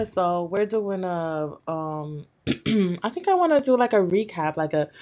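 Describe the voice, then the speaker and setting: A young woman hosting a solo podcast, talking candidly in a rambling way with lots of fillers, her voice a bit hoarse from being sick. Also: lowish voice, lively intonation, a little slow, a little mellow. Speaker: podcast host. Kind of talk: casual solo podcast talk.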